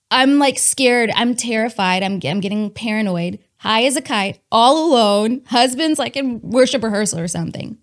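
A woman's voice: mid-range voice, brisk, hardly any pauses. Candid chatty woman telling her testimony. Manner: candid, animated, addresses listeners as y'all; chatty with many fillers and laughs. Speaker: person sharing a testimony. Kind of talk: personal testimony storytelling.

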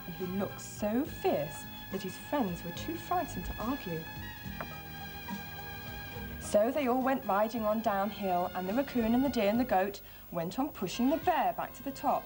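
A woman presenting a children's TV show, reading a storybook aloud and then showing a craft, in an expressive, friendly way. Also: fairly high pitch, normal speed, music in the background.

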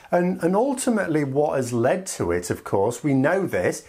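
A man from the United Kingdom, giving sardonic, animated political commentary in a casual vlog. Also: mid-range voice, husky. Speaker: political vlogger.

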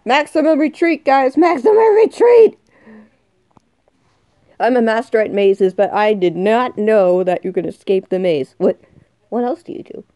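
A woman's voice: fairly high pitch, animated, measured pace, mellow, no echo. A woman in her twenties commenting on a game she is playing, jumpy and swinging from muttering to shrieking. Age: 20s. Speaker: gaming youtuber. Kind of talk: excited let's-play commentary.

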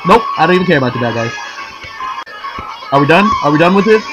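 A young man giving sarcastic let's play commentary, yelling and screaming at the game. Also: on the high side, animated, fast, low-quality recording. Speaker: gaming commentator. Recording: game music behind.

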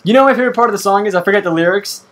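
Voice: medium pitch, racing. A let's play host chatting casually and swearing freely while playing a game. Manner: profane, rambling, animated. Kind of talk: casual gaming chat.

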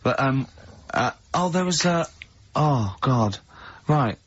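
Male radio host, breathy voice, slightly dull recording, playful teasing storyteller. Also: mid-range voice, animated, takes it slowly. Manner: teasing storyteller, acts out dialogue. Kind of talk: casual studio banter. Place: radio studio.

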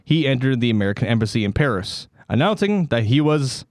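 A man's voice: mid-range voice, sing-song, fairly quick, darkish tone, no echo. A man casually reading a story to a co-host, cracking jokes and laughing as he goes. His voice sits in an ordinary middle range. The sound is dry and close. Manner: reads history then riffs with jokey put-on voices, laughs often. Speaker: podcast co-host.

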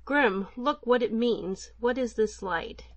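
A woman's voice: fairly high pitch, slow, lo-fi sound. A woman voicing a fisherman's wife who asks in a raised, startled voice. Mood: amazed.

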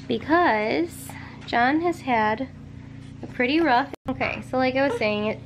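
A woman's voice: sits high, takes it slowly, noisy background. A young woman and mom talking casually to her handheld camera at home, rambling and tired, with lots of "like" fillers. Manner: chatty and rambling, many "like" fillers. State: tired and emotional. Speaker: mom vlogger. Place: home living room.

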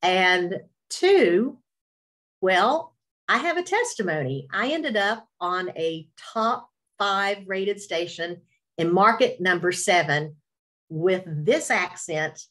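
Middle-aged woman w appalachian southern accent, kinda low voice, self-deprecating storyteller, faith talk, webinar call. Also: expressive, slow pace, a bit bright. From Virginia, USA. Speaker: radio host, webinar speaker. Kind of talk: personal testimony talk. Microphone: webinar video call.

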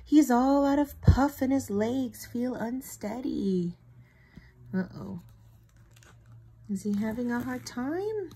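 Expressive woman teacher reading aloud. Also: on the high side, slow pace, long pauses, a little hiss or hum. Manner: expressive, asks listeners questions. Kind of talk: read-aloud storytelling for children.

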